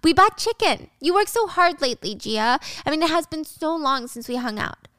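A woman's voice: sits high, very animated, normal speed, sharp tone, no room sound, clean studio sound, voice pushed up, full character voice. A woman voicing a sweet-talking, two-faced young woman who is a backstabbing best friend. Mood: sugary. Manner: sugary, chirpy.

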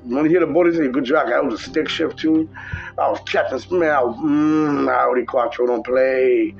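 A man telling rambling, profane stories from his driving work in a casual podcast chat, jumping into a high voice when quoting people. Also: normal speed, vocal fry, muffled recording, soft background music. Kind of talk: casual storytelling.

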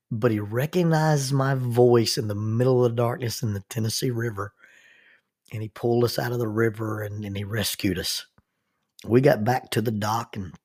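Preacher guy, husky kinda voice, telling his story earnest and a bit halting. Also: medium pitch. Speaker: minister. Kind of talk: personal storytelling.

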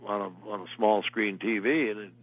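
A man's voice: fairly low pitch, steady tone, normal speed, no room sound, dull audio. An older man, an actor, telling long meandering stories as an interview guest. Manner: meandering anecdotal storyteller. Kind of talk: casual interview storytelling.

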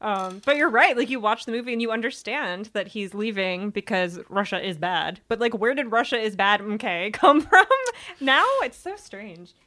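Woman in her 30s, bright tone, chatty co-host who laughs a lot. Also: mid-range voice, expressive, moderate pace. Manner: chatty, many "like" fillers, laughs easily. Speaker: podcast co-host. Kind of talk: casual film discussion.

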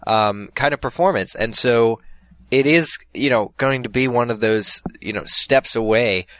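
A man's voice: medium pitch, measured pace, a bit bright, no room sound. A man co-hosting a casual chat about films, rambling with many restarts and fillers.

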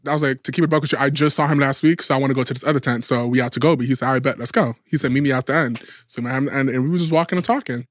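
A man's voice: medium pitch, very fast, few pauses, no echo, clean studio sound. A man in his twenties from New York, co-hosting a podcast and telling a story in casual gossip, acting out both sides of the conversation. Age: 20s. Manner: animated storyteller, acts out dialogue. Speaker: podcast co-host.

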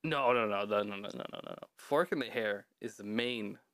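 A man's voice: lowish voice, moderate pace, a bit bright, no echo, studio quality. A man hosting a casual podcast, telling a folklore story in a joking, mock-serious way and swearing often. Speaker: podcast host.

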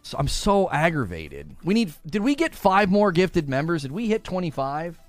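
A man with a high, lively voice rants on a live stream, grumbling and repeating himself in exasperation. The sound is dry and close, with faint music underneath. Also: moderate pace, dry recording. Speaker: gaming news streamer.

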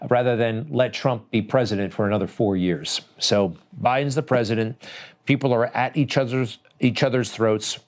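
A man's voice: medium pitch, darkish tone. A man hosting a commentary show, talking over clips in an indignant, sarcastic, conversational way.

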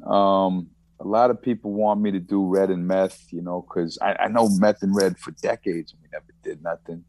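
A man's voice: low-pitched, steady tone, moderate pace, darkish tone, no echo. A middle-aged man with a Long Island accent, a rapper talking casually in an interview, rambling and restarting often. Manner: laid-back, rambling with many restarts. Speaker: rapper guest.

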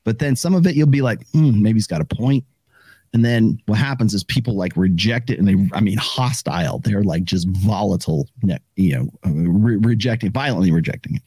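A man's voice: lowish voice, animated, brisk, hardly any pauses, mellow, slightly rough, no room sound. A man hosting a casual conversation, rambling and acting out what other people said. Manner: rambling, acts out quoted voices.

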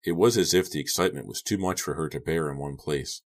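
A man reading a horror novel aloud as an audiobook narrator, in a measured, subdued way. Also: a bass voice.

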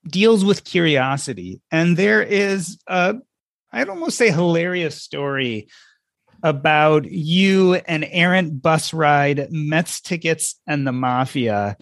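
A man hosting an interview, introducing a section of the guest's book in a measured way. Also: fairly high pitch, lively intonation, creaky, a bit bright, dry recording, studio quality. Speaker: interview host.

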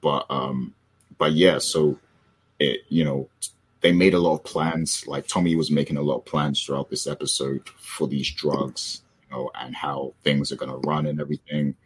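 A man with an extremely deep voice hosts a casual TV recap, steering the conversation. His tone is husky and a little rough. He leans on fillers as he talks and throws questions to his co-hosts. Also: flat delivery, moderate pace. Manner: leads the talk, prompts co-hosts, frequent fillers. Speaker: podcast host.

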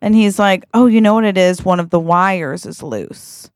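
A woman's voice: medium pitch, normal speed, a little mellow, smooth, no echo, studio quality. A woman co-hosting a podcast, improvising a silly romantic story with a giggly, playful manner and quoted voices. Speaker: podcast co-host.

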